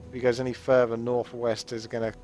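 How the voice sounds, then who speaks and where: An English man giving live game commentary in a relaxed, chatty, rambling way. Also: medium pitch, fast. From England. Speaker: esports commentator.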